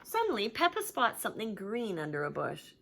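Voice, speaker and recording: A woman reading a picture book aloud to young children, as a teacher would, with an expressive storytelling manner. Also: mid-range voice, fairly quick, vocal fry, a little hiss or hum.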